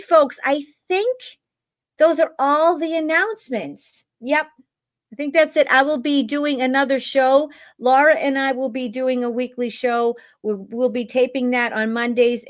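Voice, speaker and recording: Chatty, blunt woman streaming live. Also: sits high. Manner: chatty, blunt, swears freely, keeps asking "right?". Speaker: tarot reader and livestream host. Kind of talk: casual live-stream monologue.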